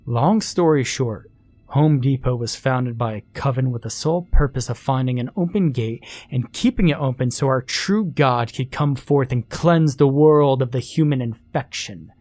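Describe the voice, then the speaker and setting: A man voicing a sinister male cult member who holds someone at gunpoint, speaking low and menacingly. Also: moderate pace, darkish tone, no echo, soft background music, natural voice.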